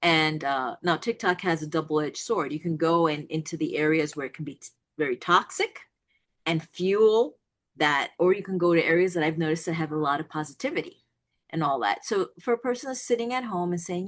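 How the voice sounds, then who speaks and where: A woman hosting a podcast conversation in a somewhat low voice. She circles into her questions with repeated restarts and long setups. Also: moderate pace. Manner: stammering restarts, warm encouraging asides. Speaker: podcast host. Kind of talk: casual interview hosting.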